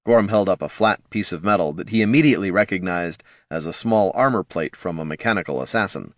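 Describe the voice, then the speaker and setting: A man narrating an adventure story in a lively, expressive reading voice. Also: deep voice, fairly quick, dry recording, clean studio sound. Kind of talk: audiobook narration.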